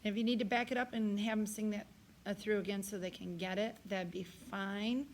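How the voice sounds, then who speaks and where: Her voice is medium-pitched with fairly even intonation, a little fast, against slight background noise. Sounding tired, the woman leads a recorded choir rehearsal, instructing singers and singing brief phrases to show how they go.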